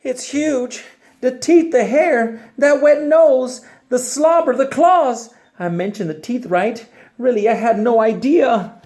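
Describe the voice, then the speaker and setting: A man voicing an excitable, whiny young male pigeon in a storybook read-aloud, pleading and dramatic. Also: extremely high pitch, moderate pace, pitched above the performer's own voice. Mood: alarmed.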